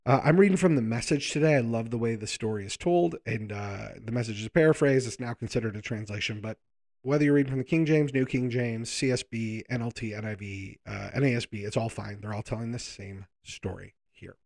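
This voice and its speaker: A man's voice: medium pitch, a little fast, creaky, darkish tone. A man preaching a sermon in a conversational way, reading scripture aloud and explaining it in plain words.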